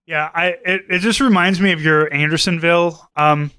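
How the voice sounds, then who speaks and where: A man co-hosting a podcast in a loose, rambling way, retelling scenes and tossing in quoted lines. His voice is bright and smooth, a little higher than most men's, and the sound is dry and close. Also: fairly even intonation, moderate pace, dry recording. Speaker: podcast co-host. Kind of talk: casual chat.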